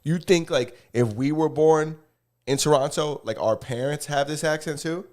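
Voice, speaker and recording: Brief: young male podcast co-host from New York, casual banter, animated and restless delivery. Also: on the high side, moderate pace. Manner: animated, rambling opinions with many restarts. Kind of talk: casual chat.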